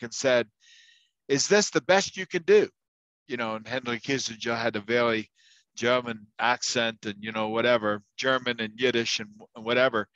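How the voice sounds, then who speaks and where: Heard through dull, dry audio, a university instructor with a mid-range, fairly bright voice tells casual stories during class. His delivery is chatty and loose, peppered with fillers and restarts.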